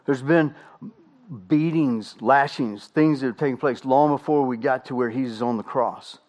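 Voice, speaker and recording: A middle-aged man preaches a sermon in a medium-pitched voice. He leans on rhetorical questions and slow, weighty pauses. His delivery is emphatic and earnest. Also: a little mellow. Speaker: pastor.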